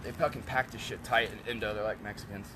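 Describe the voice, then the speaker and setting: A man in a casual, blunt rant to camera, swearing often and turning loud when heated. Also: on the low side, fairly even intonation, fast, very noisy. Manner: profane, blunt, frequent swearing. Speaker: vlogger selling kratom.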